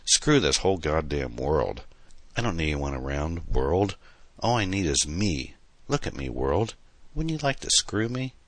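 A man voicing a drunk, hysterical young woman who shouts and slurs profane rants. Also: rumbling low, sing-song, a little slow, no echo, exaggerated voice. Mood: drunken raving. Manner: slurred, shouting, profane ranting.

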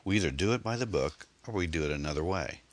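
A man's voice: low voice, animated, fast. A man voicing a menacing young man who speaks with a slight hillbilly twang, coolly threatening and calculating. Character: menacing muscular young man, cold and coercive.

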